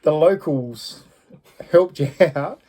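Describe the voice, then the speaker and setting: A man with a somewhat high, husky voice, hosting a casual podcast. He reacts with incredulous, teasing remarks and sums up his guest's misadventures. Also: slow, warm tone. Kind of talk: casual chat.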